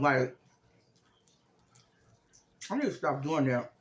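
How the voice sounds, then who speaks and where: Man, high voice, casual vlog recap, chatty rambling storyteller, roomy echo. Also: expressive, measured pace, fairly bright tone. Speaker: vlogger.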